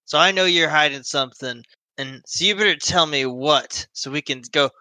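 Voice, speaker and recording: A blustering war-veteran adventurer in a fantasy tabletop game, lecturing with pompous formality, as a man acts him out. The voice is very bright and sits close and dry. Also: on the high side, normal speed, no room sound, low-quality recording.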